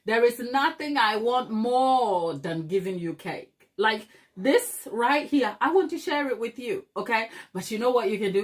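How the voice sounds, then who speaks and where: A little high and expressive, her voice moves at a measured pace. The speaker, a middle-aged woman from Africa with a baking channel, keeps her livestream chat casual, laughs frequently, and calls viewers darling.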